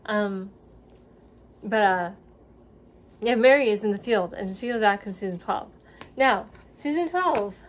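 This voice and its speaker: A young woman talking casually to her camera at home, wandering from point to point with plenty of fillers. Her voice sits at a middle pitch for a woman. A faint background hum lies under the talk. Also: expressive, measured pace, long pauses. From grew up in the US South after moving from Seattle at five. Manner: chatty, rambling, many ums and likes. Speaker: vlogger reviewing a TV series. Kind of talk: casual rambling vlog talk. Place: at home with her dog nearby.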